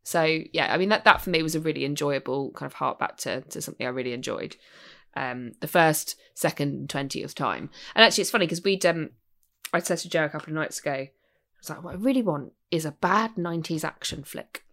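A woman co-hosting a podcast in casual chat, animated and swearing freely, often restarting her sentences. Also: deep voice, fairly quick, creaky. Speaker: podcast co-host.

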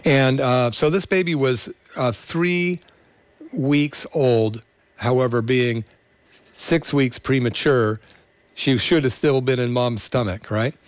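A middle-aged man speaks earnestly, stumbling over fillers and restarts as he recounts a case. His voice sits at an ordinary pitch for a man. It is recorded close and dry, with almost no room sound. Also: slow, no room sound. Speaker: chiropractor. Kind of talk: storytelling to an audience.

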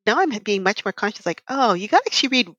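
A woman chatting on a podcast panel, lively and expressive, laughing easily. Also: mid-range voice, fast, no room sound, lo-fi sound. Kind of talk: casual chat.

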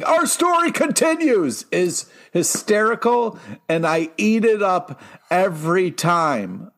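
A man co-hosting a podcast in casual chat, enthusiastic but halting, often repeating words. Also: on the high side. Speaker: podcast co-host.

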